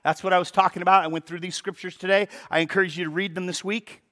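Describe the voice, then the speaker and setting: This pastor has a high-pitched voice and talks fast while preaching a sermon. He's animated, asks rhetorical questions, and repeats words at the start of his sentences.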